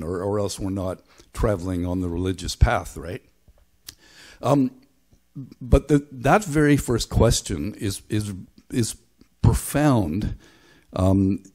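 A man's voice: fairly low pitch, dark tone. A middle-aged or older man from Belfast giving a sermon as pastor, speaking thoughtfully with frequent halts and restarts. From Belfast, Northern Ireland. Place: church.

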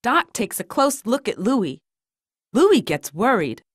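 A woman reading a children's storybook aloud in a gentle, lilting read-aloud manner. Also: on the high side, very animated, takes it slowly, breathy edge, no room sound, studio quality. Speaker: storybook narrator.

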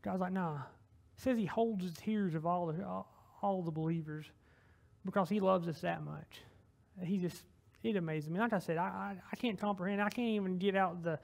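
A young Southern man preaching a casual sermon in a high, gravelly voice. He rambles in a folksy, self-deprecating way, stops and restarts his sentences often, and leads straight into a heartfelt closing prayer. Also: normal speed, darkish tone. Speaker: lay preacher.

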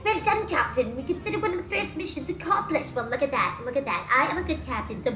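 A woman's voice: sits high, lively intonation, quick pace, sharp tone, roomy sound, faint music behind. A woman streaming as a VTuber, chatting goofily through a game with jokes and the odd swear. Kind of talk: gameplay commentary.

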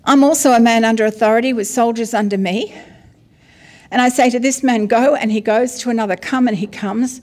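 A woman's voice: a little high, steady tone, fairly quick, close to an everyday voice. A woman preacher voicing a humble Roman centurion, reading his plea earnestly from scripture. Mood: pleading.

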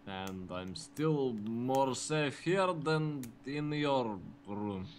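A man's voice: medium pitch, expressive, drawn-out words, slight background noise. A man playing a character in a tabletop role-playing game, speaking in character in a playful way. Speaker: player.

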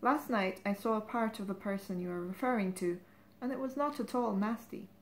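A woman's voice: medium pitch, fairly quick, a little hiss or hum, close to an everyday voice. A woman doing a cool, contemptuous man. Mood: dismissive. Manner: cool, dismissive. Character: skeptical, contemptuous grown man.

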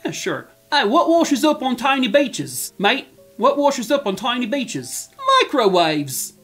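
A man putting on an exaggerated Australian accent to tell a dad joke, loud and over the top. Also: extremely high pitch, very animated, extremely slow, slightly rough, faint music behind, pitched above the performer's own voice, heavily acted. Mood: hammy.

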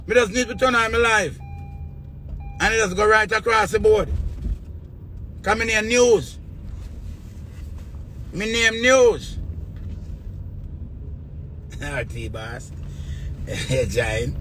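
A man's voice: sits high, lively intonation, slow pace, pauses often, pushed and bright, a little hiss or hum. A man with a Jamaican accent, rambling and swearing in a casual rant to his viewers. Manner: rambling, repetitive, swears often.

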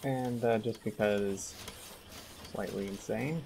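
A man's voice: lowish voice, takes it slowly, gravelly, background noise. A man hosting a multiplayer game session in casual chat, joking and sarcastic, often laughing. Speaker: gaming host.

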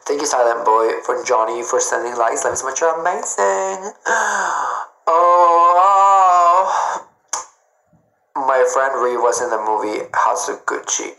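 A man's voice: medium pitch, fairly even intonation, fairly quick, few pauses, fairly bright tone. A man livestreaming from home on his phone, chatting casually and greeting viewers by name in a playful, chatty way. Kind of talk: casual livestream chat reading comments. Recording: roomy echo.

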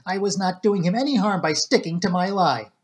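A man's voice: high-pitched, fairly quick, voice pushed up, close to an everyday voice. A man doing a distraught young woman. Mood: defiant. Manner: agitated, raised voice. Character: anxious young woman, emotional and guilty.

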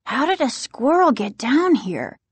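A woman voicing a frightened, jumpy young boy in a storybook reading, crying out in high panicked bursts. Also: very animated, unhurried, slightly rough, no room sound, full character voice. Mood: shaky.

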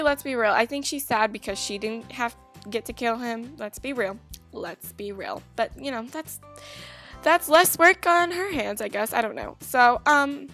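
Bubbly high-voiced young woman gamer. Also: a bit bright. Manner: bubbly, gushing, chatty. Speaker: gaming YouTuber. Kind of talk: casual let's-play commentary.

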